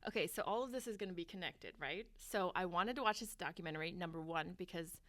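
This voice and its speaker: A woman's voice: on the low side, quick pace, a bit bright, no echo. A woman co-hosting a podcast in casual chat, laughing often as she tells stories. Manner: chatty, laughs often, storytelling. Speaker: podcast co-host.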